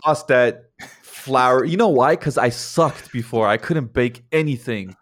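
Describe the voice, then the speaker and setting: A man co-hosting a casual podcast chat, quick and teasing, speaking with eager emphasis. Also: mid-range voice, a bit bright. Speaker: podcast co-host.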